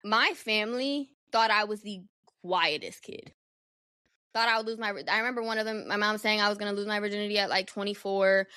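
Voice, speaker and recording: A young adult woman hosting a solo podcast, telling a personal story in a candid, animated, profane way. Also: medium pitch, a little fast, clean tone, dry recording, studio quality. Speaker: podcast host.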